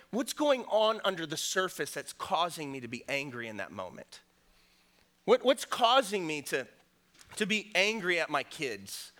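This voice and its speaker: Middle-aged guy preaching, bright voice, stumbles on words then gets emphatic. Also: on the high side. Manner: earnest, repeats words, many fillers, rises to emphatic peaks. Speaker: pastor. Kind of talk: sermon.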